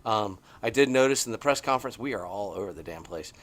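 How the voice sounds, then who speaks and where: A middle-aged man co-hosting a podcast, chatting casually from a porch outdoors and telling stories with excited, swinging emphasis. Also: quick pace. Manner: animated, excitable storytelling with big swings in pitch. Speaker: podcast co-host. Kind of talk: casual chat.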